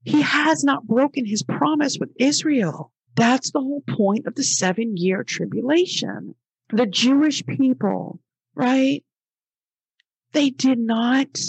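Husky-voiced woman, emphatic podcast host. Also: a little high, no echo. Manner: emphatic and exasperated, repeats phrases for stress; reads passages aloud and rebuts them. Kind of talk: religious commentary podcast.

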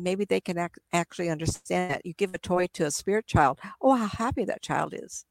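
A woman's voice: on the low side, a little fast, gravelly, hardly any pauses, dry recording. A middle-aged woman, a psychic medium, chatting in an interview and acting out spirits with gasps and laughs. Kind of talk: casual interview talk.

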